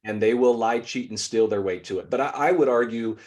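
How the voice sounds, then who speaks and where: A middle-aged man, a sales trainer, telling animated stories in an interview over a video call, acting out quotes and often restarting his sentences. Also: medium pitch, a little fast. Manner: animated storyteller, acts out quotes, frequent restarts. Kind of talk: conversational interview storytelling.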